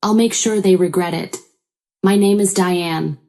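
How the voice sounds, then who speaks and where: A woman narrating a first-person story in an even, measured way. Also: mid-range voice, a little hiss or hum.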